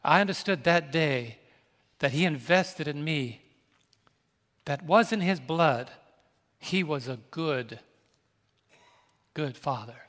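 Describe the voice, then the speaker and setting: A man's voice: on the high side, expressive, slow pace, long pauses, a bit bright. An older man from New York, a pastor telling a personal, emotional story in a sermon and calling out to his congregation. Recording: reverberant large hall.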